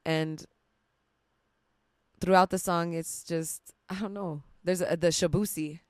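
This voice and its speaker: A woman's voice: on the low side, fairly even intonation, slow pace, no room sound, clean studio sound. A young woman hosting a podcast, telling a rambling personal story with lots of laughs and casual swearing. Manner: chatty and emotional, laughs often, swears casually. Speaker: podcast host.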